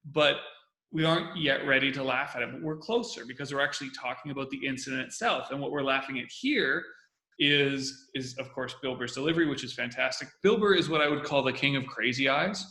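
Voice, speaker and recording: Male host, energetic, bright edge, echoey room, repeats himself to drive points home. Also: mid-range voice, brisk. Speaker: host analyzing comedy. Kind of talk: casual video commentary.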